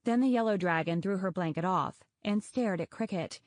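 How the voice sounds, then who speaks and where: A woman with a fairly low voice narrates an audiobook from a script in a measured, even way. The recording is clean studio sound with no room sound.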